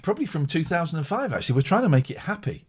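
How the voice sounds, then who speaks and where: Chatty man with a lively voice. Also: a little high, very fast, breathy edge, faint music behind. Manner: rambling, chatty, reads viewer comments aloud. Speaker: host of a live call-in stream. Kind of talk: casual live-stream chat.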